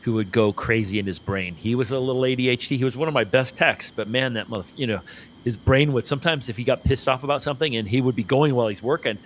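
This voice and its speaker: A man's voice: mid-range voice, fast talker, a little hiss or hum, rough recording. A man from Arizona co-hosting a podcast in casual conversation, chatty and swearing, tagging "right?" onto his points. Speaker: podcast co-host.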